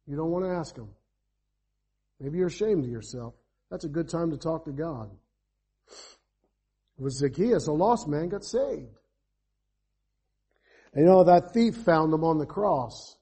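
A man preaching an evangelistic sermon, swinging from emphatic calls to quiet asides and asking his congregation rhetorical questions. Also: sits high, breathy edge. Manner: fervent, rises to emphatic calls then drops to quiet asides.

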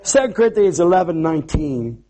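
Husky, lively male pastor preaching. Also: on the high side, brisk. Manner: animated storytelling with stammered restarts. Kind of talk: sermon.

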